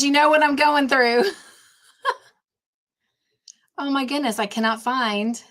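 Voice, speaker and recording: A woman's voice: high voice, slow, long pauses. Bubbly woman hosting a live stream. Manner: warm, effusive greetings to chat viewers, easily sidetracked. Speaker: livestream host. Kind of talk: casual live-stream chat.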